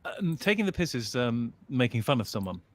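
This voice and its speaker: A man's voice: mid-range voice, big pitch swings, brisk, dry recording. A man with an English accent in casual chat, explaining British words and laughing often.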